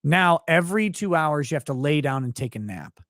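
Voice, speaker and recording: A man's voice: fairly high pitch, fairly quick, no room sound, clean studio sound. Tired, profane man telling a story. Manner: animated, profane, laughs often. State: tired, yawning while talking. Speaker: podcast guest. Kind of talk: casual storytelling conversation.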